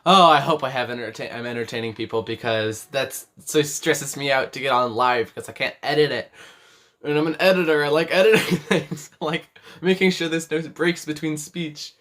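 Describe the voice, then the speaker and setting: An eighteen-year-old man hosts a live crochet stream from his bedroom, his voice a little high and sharp at a moderate pace. He rambles, corrects himself, and reads chat messages out loud.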